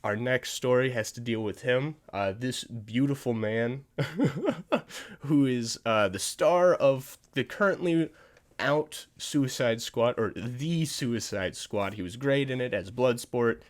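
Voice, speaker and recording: A podcast host with a medium-pitched voice, speaking a little slowly, chats casually about movie news. He rambles, restarts sentences, and chuckles at himself.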